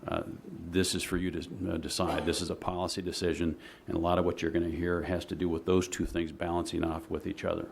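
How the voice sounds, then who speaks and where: A man giving a measured, explanatory presentation to a city commission in a meeting chamber, often pausing on "uh". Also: deep voice, flat delivery, vocal fry, slight background noise. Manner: measured and explanatory, with frequent "uh" fillers.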